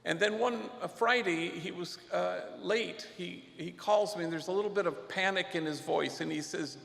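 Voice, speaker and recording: A man with a deeply gravelly, slightly high voice tells a story to a luncheon crowd. He speaks unhurriedly and reflectively, slipping in Spanish slang. His voice echoes through a large hall with a long reverb. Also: normal speed, a bit bright. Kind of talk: storytelling speech. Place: event hall.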